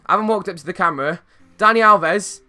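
A young man streaming a football game, chatting casually with viewers and reacting to plays with bursts of excitement. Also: high voice, fast talker. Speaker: gaming streamer. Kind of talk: casual live-stream chat while playing.

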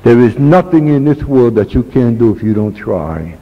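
A man's voice: mid-range voice, big pitch swings, moderate pace. An older man, a grandfather, giving a plain-spoken, earnest talk to a recovery meeting. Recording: dull old tape with long reverb.

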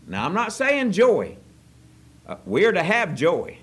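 A man preaching a sermon as pastor, folksy and joking, swinging from quiet asides to loud excited bursts. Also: sits high, slow pace. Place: church service.

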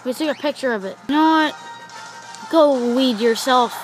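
A young woman giving let's-play commentary, excitable, gasping, swearing and shouting at the game. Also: high-pitched, moderate pace, soft background music, rough recording. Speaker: gaming YouTuber.

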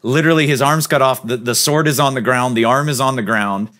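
A man preaching a sermon as pastor, earnest and emphatic, sometimes dropping to a soft, low voice. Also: a little fast. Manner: drops to a soft, low voice on key points.

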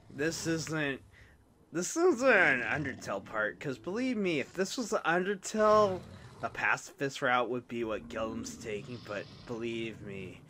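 A man's voice: mid-range voice, animated, measured pace, noisy background. A young man giving casual, rambling, self-mocking commentary while playing a video game. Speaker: let's play host.

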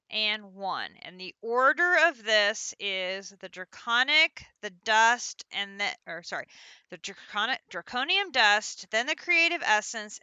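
A woman streaming gameplay, talking to herself as she works through tasks. Her voice is bright, smooth and fairly high, with a lively, swooping pitch. The sound is close and dry. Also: no room sound. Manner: chatty, talks to herself while counting and placing items. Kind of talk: live gameplay commentary.

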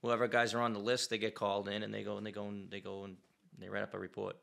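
A man's voice: lowish voice, monotone, quick pace, gravelly, fairly bright tone. A man who is a firefighter, a guest on a podcast, explaining things in a plain, matter-of-fact way. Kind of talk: casual chat.

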